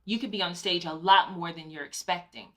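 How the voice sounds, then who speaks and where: A woman's voice: on the low side, fairly even intonation, brisk, fairly bright tone. A woman co-hosting a casual chat, giving conversational advice with personal anecdotes. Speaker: co-host, Broadway actor.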